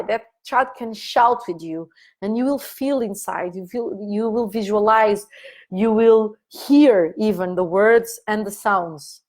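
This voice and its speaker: A woman guiding listeners through an inner-child exercise in a live online talk, speaking gently and repeating her soothing instructions. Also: on the high side. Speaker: consciousness coach leading an online meeting. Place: online meeting.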